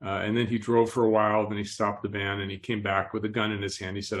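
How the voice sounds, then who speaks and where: A man speaks as a podcast interview guest, telling his story calmly and reflectively. He clears his throat often and sounds gently amused at himself. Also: lowish voice, fast talker.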